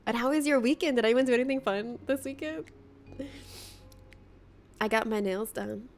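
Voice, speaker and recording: A woman's voice: fairly high pitch, moderate pace, soft background music. A young woman streamer chatting casually with her viewers, bubbly and laughing often as she greets them by name. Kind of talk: casual livestream chat with viewers.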